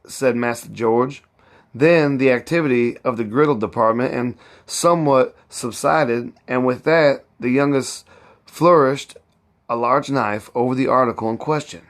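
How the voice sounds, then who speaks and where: A man's voice: mid-range voice, unhurried. A man reading a novel aloud as narrator, stumbling and correcting himself as he goes. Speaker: amateur audiobook reader.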